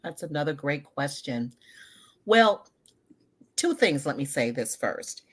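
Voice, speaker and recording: Guest: woman in her sixties, low voice, thoughtful and emphatic. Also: big pitch swings, slow, husky. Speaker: guest, social media word educator. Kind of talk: conversational interview.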